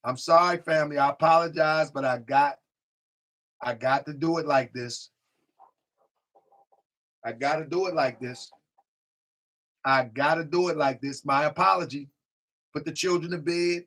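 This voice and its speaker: A man's voice: a little high, fairly even intonation, unhurried, pauses often, fairly bright tone. A man hosting a live stream, chatting casually, reading out viewer comments and often repeating himself. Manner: talks to chat directly, repeats himself, drifts off mic.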